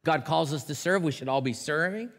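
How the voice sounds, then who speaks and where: A male pastor preaching a sermon with animated storytelling, acting out the quotes. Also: on the high side, brisk. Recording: long hall reverb.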